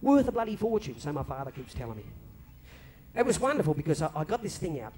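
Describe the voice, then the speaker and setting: On a club stage before a live audience, an Australian comedian tells a long comic story in a lively, broad style, slipping into mimicked voices. His voice sits high and he talks fast, with faint crowd ambience from the venue in the background.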